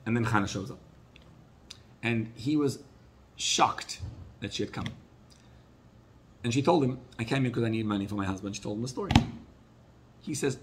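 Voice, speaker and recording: A male rabbi telling a story in a sermon, acting out the people he quotes and dropping his voice low for sad moments. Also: lively intonation, fairly quick, pauses often, a little hiss or hum.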